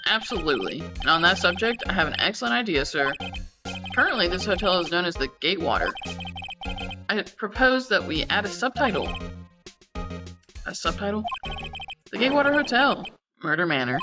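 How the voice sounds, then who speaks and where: A woman reading the lines of a pompous, excitable young bellboy who keeps saying "sir", with game music behind. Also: lowish voice, normal speed, pauses often. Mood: theatrical. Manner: theatrical, eager, formal with "sir".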